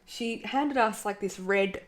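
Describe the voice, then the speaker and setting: A young woman co-hosting a laid-back chat, speaking at an ordinary mid pitch. She recalls stories in a relaxed way and giggles often as she talks. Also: takes it slowly. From Australia. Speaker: podcast co-host. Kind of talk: casual chat.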